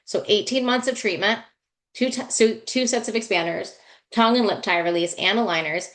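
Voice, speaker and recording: A woman's voice: medium pitch, a little fast, a bit bright. Woman, dentist, webinar talk, heartfelt, emotional, restarts, video call. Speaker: dentist and guest speaker.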